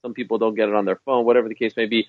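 A man's voice: on the low side, level tone, racing, dry recording, narrow, tinny audio. A man guesting on a podcast, chatting casually and emphatically about his own show. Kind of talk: casual interview chat.

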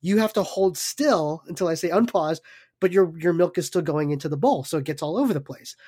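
A man co-hosting a podcast, telling stories in casual chat, animated, with many fillers. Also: on the high side, fairly quick, husky, no room sound. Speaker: podcast co-host.

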